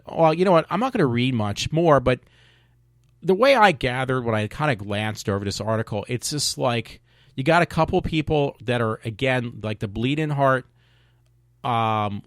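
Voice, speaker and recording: A man's voice: medium pitch, no room sound. A man talks in a mid-range voice, holding forth in a casual opinion monologue. He rambles and gets worked up, stumbling over words and restarting often. The sound is dry and close, with no room around it. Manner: rambling, agitated, halting with many restarts. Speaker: podcast host.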